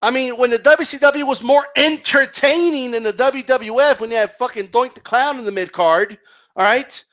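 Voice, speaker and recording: Man, very high voice, bright and forceful tone, exasperated profane rant, keeps asking "right?". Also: normal speed, dull audio. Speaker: wrestling commentary vlogger. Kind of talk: ranting opinion monologue.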